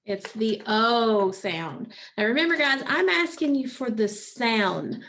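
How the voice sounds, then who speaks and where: A woman teaching a phonics lesson, prompting children patiently and pausing for their answers. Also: on the high side, very animated, a bit bright.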